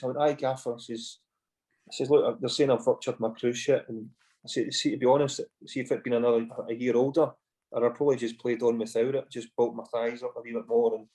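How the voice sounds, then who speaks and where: A man's voice: mid-range voice, dark tone. A Scottish man in his forties, a former footballer guesting on a podcast, telling long casual stories full of "you know" asides. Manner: rambling anecdotes with frequent "you know" and swearing. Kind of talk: casual storytelling chat.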